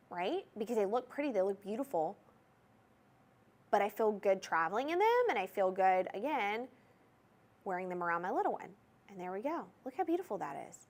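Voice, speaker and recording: Gushing woman shopping-channel host, lively pitch. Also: a little fast. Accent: Southern US. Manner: chatty, gushing, addresses viewers directly. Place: TV shopping studio.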